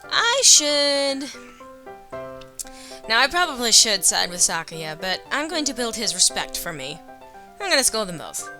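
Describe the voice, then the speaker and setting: A woman reading a dating-sim game aloud as a let's player, adding wry, deadpan asides. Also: mid-range voice, a little fast. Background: game music.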